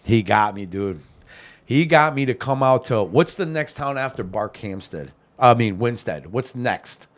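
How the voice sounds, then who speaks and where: A man's voice: mid-range voice, expressive, a little slow. A man hosting a podcast, telling a story in casual chat, laughing often and swearing freely. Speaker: podcast host.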